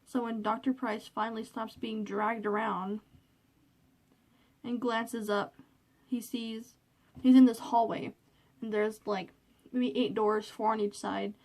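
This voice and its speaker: Woman, slightly higher voice, casual vlog chat, rambling with fillers, a bit nervous, bedroom, phone recording. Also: little pitch movement, slow, long pauses, darkish tone. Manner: rambling and chatty, with frequent fillers; a little nervous. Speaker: vlogger reviewing a movie. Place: her bedroom, alone. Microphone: cell phone.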